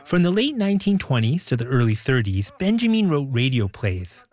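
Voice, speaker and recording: A man hosting and narrating a documentary in a lively, wondering manner. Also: mid-range voice, moderate pace. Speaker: documentary host.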